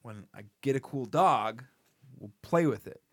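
Teasing man with a lively, swooping voice. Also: medium pitch, a little slow, no echo. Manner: teasing, mocking banter. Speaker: podcast co-host. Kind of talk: casual chat.

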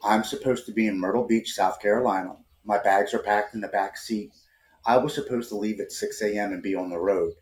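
A man quoting a calm, comforting older father. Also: lowish voice, brisk, slight background noise, lightly acted. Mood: reassuring. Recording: roomy echo.

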